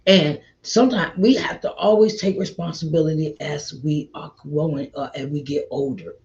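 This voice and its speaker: A middle-aged woman hosting an inspirational faith talk, repeating her points warmly and calling listeners child and honey. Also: deep voice, moderate pace. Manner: repetitive, encouraging, calls listeners child and honey. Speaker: host. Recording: slightly dull lo-fi audio.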